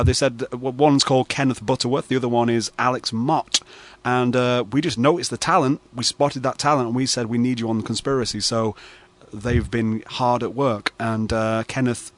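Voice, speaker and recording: A man hosting late-night radio banter, spinning a mock-serious story full of fillers. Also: mid-range voice. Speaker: radio host.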